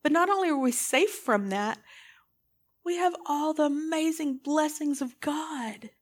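A woman's voice: high-pitched, measured pace. A woman preaching a sermon in an earnest, impassioned way, putting pointed questions to her listeners.

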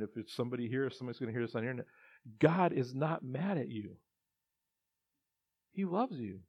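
A man's voice: medium pitch, no room sound. A male pastor preaching a conversational sermon, with restarts and acted-out quotes. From Texas. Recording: dull, muffled dry sound.

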